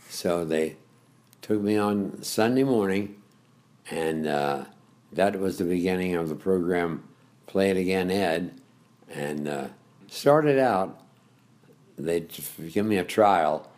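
An older man, a longtime radio host, telling stories in an interview, rambling with chuckles and pauses. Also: low-pitched, lively intonation, darkish tone. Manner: rambling storyteller with frequent uh's and chuckles. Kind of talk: reminiscing interview.

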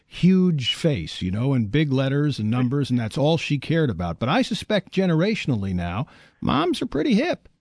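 A male radio host with a lively, animated pitch and a conversational manner. His voice is dry and close, with nothing heard behind it. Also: moderate pace, dry recording. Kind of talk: radio interview.

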